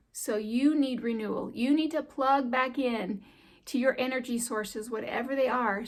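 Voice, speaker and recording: A middle-aged woman in a homeschooling vlog, talking straight to the camera in a chatty, heartfelt way. She laughs easily. Her voice sits a little high. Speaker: homeschool vlogger. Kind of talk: encouraging talk to camera.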